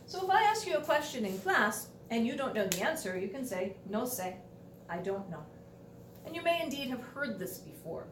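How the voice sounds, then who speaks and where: Woman teacher, patient and dryly funny, slightly high voice, faint hum behind. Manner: patient, explains step by step, wry asides. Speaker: Spanish teacher. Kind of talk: classroom video lesson. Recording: echoey room, voice from a distance.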